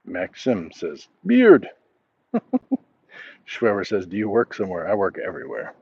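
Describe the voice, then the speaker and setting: A man's voice: sits low, fairly quick, vocal fry, breathy edge, highs cut off. A middle-aged man walking outdoors at night, chatting casually on a livestream and reading viewer comments aloud in a laid-back, chuckling way. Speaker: livestream host. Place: outdoors at night, crickets around.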